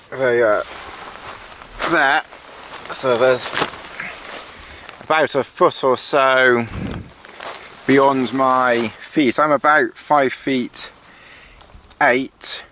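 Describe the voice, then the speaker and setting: A man's voice: medium pitch, steady tone, extremely slow, pauses often, pushed and bright. A man giving a casual walkthrough of a tent from inside it, hesitant, with dry sarcastic asides. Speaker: outdoor gear reviewer. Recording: faint rain noise on tent.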